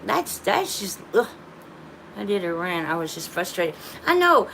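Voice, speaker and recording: A woman's voice: on the low side, very animated, unhurried, creaky, a bit bright, a little hiss or hum. A woman with grown children hosting a casual livestream from her phone, rambling with many restarts and talking to viewers as y'all. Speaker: livestream host.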